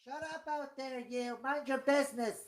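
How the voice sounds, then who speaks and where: A woman's voice: fairly low pitch, wildly swooping pitch, extremely slow, no room sound, studio quality, voice pushed up, full character voice. A man voicing a cranky, nasty old woman answering the phone, snapping short questions and barking at people.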